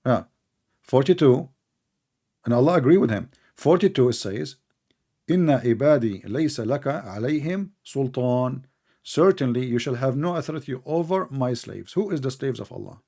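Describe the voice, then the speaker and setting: A man's voice: medium pitch, animated, creaky, mellow. Sarcastic combative man debating live. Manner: quotes scripture slowly and deliberately. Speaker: debate host.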